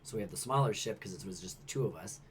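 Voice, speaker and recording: A man's voice: lowish voice, racing, a little hiss or hum. A man co-hosting a casual games podcast, telling stories with lots of fillers. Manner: storytelling, filler-heavy. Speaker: podcast co-host. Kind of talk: casual chat about games.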